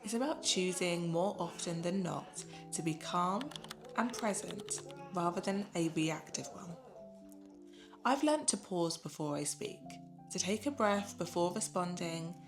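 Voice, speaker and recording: Woman, lowish voice, gentle unhurried voice-over, reflective narration, clear music under the voice. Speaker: mother sharing motherhood reflections.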